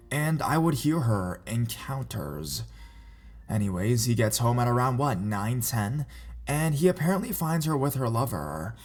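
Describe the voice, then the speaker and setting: A man reading reader-submitted scary stories aloud in a measured, even narration. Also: medium pitch. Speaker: horror story narrator.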